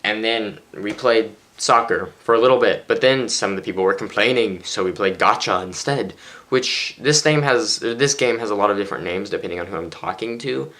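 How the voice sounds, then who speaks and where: A tired teenage boy vlogs casually from his bedroom, rambling and chatty as he pokes fun at himself. His voice is fairly low in pitch with a fairly bright tone, at a moderate pace.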